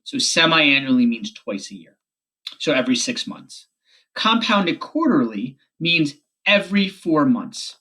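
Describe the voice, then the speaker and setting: Husky-voiced man teaching math quickly. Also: fairly high pitch, big pitch swings, bright, forceful tone. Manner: quick explanatory talk with self-corrections. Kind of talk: recorded video lesson.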